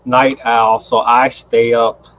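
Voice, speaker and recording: An American man teaching English in a relaxed, friendly way on a video call, agreeing often and laughing a lot. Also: mid-range voice, slow. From United States. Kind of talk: casual conversation on a video call. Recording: husky voice over a dull, lo-fi call line.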